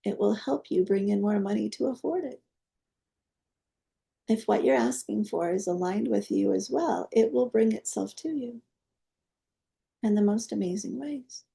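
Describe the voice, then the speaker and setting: A woman leads a guided energy-healing meditation in a soft, coaxing voice. Her tone is very dark and mellow, with a strong gravelly fry running through it. She moves between gentle instruction and quiet, prayer-like requests. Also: mid-range voice, measured pace, long pauses.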